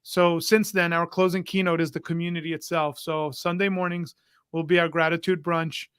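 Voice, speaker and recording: Energetic male guest, slightly high, bright voice; lively storyteller. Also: moderate pace, clear, resonant tone, no echo. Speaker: conference organizer, guest. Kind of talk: casual livestream chat.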